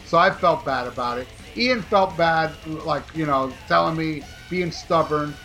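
Podcast co-host, man, rambling and profane, bright forceful tone, slightly high voice, faint music behind. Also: measured pace. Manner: animated, profane, rambling with restarts. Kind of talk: casual podcast storytelling.

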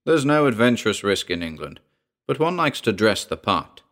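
A male narrator voicing a big, rugged outdoorsman on home leave who talks in a gruff, growling way. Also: lowish voice, very animated, normal speed, fairly bright tone.

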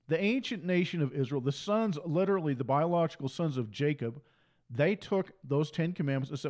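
A man's voice: a little high, darkish tone. A man preaching on a livestream in a fervent monologue, repeating his points and slipping into mocking asides. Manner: fervent, repetitive, mocks opponents in sing-song asides.

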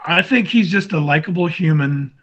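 A man's voice: a little high, lively intonation, normal speed, fairly bright tone, lo-fi sound. A man chatting casually about movies on a podcast, rambling and enthusiastic. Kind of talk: casual chat.

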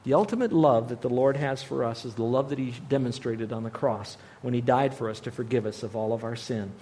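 A man giving a radio Bible teaching in an earnest, conversational way, often dropping to a softer voice. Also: medium pitch, fairly quick. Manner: earnest, conversational, with frequent soft drops in volume.

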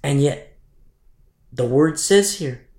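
A man's voice: a little high, animated, takes it slowly, mellow. A man preaching a sermon as pastor, emphatic and repetitive, often asking his listeners "you see?". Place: church hall. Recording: echoey room.

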